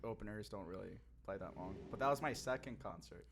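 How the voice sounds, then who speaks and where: A man's voice: fairly low pitch, brisk, background noise. A young man hosting a casual podcast who rambles, packs his sentences with "like" and trails off mid-thought. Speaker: podcast host. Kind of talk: casual chat.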